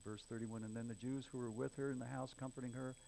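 Male preacher, mid-pitched and mellow, earnest scripture teaching with a faint hum on the recording. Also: little pitch movement, fast talker, gravelly, low-quality recording. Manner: earnest, builds to emphatic raised passages, some stumbles and restarts. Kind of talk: sermon, reading and explaining scripture.

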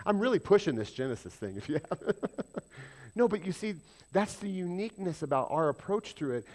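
Speaking at a medium pitch, a pastor gives an emphatic sermon to his flock. He poses questions to them and shifts between loud stresses and soft asides.

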